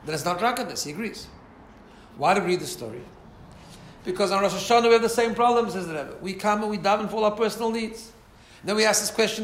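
A man's voice: high voice, quick pace. A man, rising and falling as he asks his listeners rhetorical questions. The echoey room has a faint hum of ambience behind him. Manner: animated, mixes Hebrew and Yiddish terms, asks listeners rhetorical questions. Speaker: rabbi teaching a class. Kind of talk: informal Torah class. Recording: roomy echo, faint ambience.

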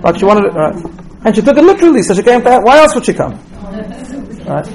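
A man's voice: sits high, sing-song, fast talker, pauses often, a little mellow, slight background noise, low-quality recording. A man giving a religious teaching talk, telling stories and checking in with "right?" as he goes, often repeating words as he restarts. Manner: storytelling, tags points with "right?".

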